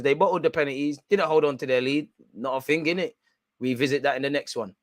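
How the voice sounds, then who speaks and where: A young man, loudly and gleefully ranting with street slang during a live football watch-along. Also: medium pitch, quick pace, dry recording, studio quality.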